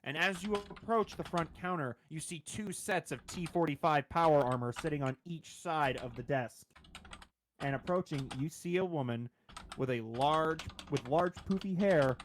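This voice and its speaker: A man's voice: on the high side, slight background noise. A man as game master, describing the scene in a tabletop role-playing game. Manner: descriptive, scene-setting narration.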